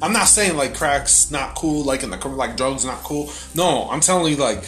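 A young man in casual chat, telling a story in an animated, profane way with many fillers. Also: mid-range voice, normal speed. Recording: echoey room with loud music behind.

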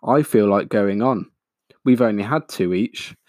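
Man doing a firm, calm iron giant. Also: on the low side, measured pace, dry recording, clean studio sound, lightly acted. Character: calm, resolute giant male iron robot.

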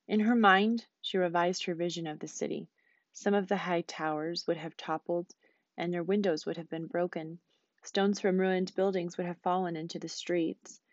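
A woman teacher reading a novel aloud, quick and expressive. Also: lowish voice, no echo, dull audio.

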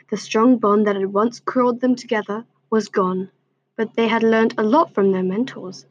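A woman's voice: medium pitch, muffled recording, slight background noise. A woman reading a fan story aloud in a plain voice, with slips and restarts along the way. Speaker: story reader.

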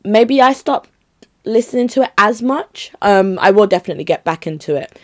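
A woman's voice: mid-range voice, lively intonation, normal speed. A young woman, chatting casually and rambling to her viewers, often breaking off mid-sentence. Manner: chatty, rambling, self-interrupting. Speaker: vlogger.

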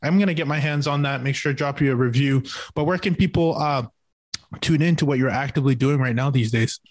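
A man hosting a podcast interview, enthusiastic and quick to laugh, thanking his guest. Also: medium pitch, no echo. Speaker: podcast host. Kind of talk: casual interview chat.

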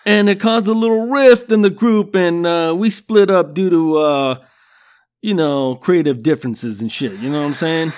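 High-voiced man in a profane comic rant. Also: moderate pace, darkish tone, slight background noise. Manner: swears constantly, laughs at own jokes, "you know what I'm saying". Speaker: podcast host.

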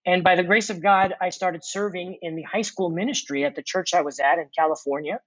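A man's voice: high voice, a bit bright, dry recording, rough recording. Earnest man telling a personal story. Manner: earnest, reflective, with many fillers and dramatic pauses. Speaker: interview guest; former corporate executive turned mission worker.

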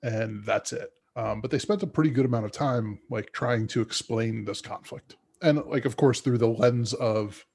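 A man's voice: medium pitch, moderate pace, vocal fry, hardly any pauses, a little mellow, breathy edge. A man casually discussing a film with friends on a podcast, rambling with frequent restarts. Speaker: podcast co-host.

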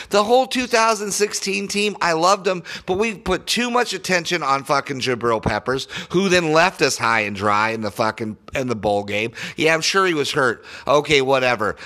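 A young man with a high, bright, sharp voice rants about his team like a fired-up fan. He is annoyed and sarcastic and swears constantly. His delivery is loose and unscripted, like a casual podcast. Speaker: sports podcaster. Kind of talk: profane fan rant.

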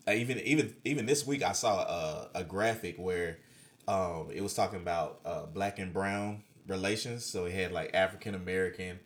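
A man speaks in a very deep, low voice. He chats casually as a co-host. He stops and restarts often, filling the pauses. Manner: halting, many fillers and repeats. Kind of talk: casual chat.

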